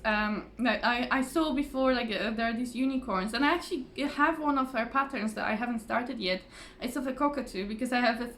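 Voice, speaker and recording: A chatty woman with a somewhat high voice talks casually to camera in a relaxed, rambling way, full of fillers and little restarts. Her voice sounds a little tired, and a faint hiss sits under the recording. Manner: laughs often. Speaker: craft vlogger. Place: home, at a table. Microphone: phone or camera on the table.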